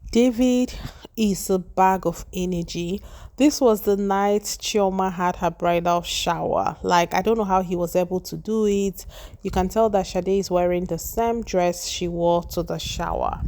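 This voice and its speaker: A woman's voice: on the low side, fairly even intonation, a little slow, darkish tone, a little hiss or hum. A woman giving chatty, opinionated voice-over commentary as a celebrity gossip vlogger. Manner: gossipy, conversational, opinionated asides.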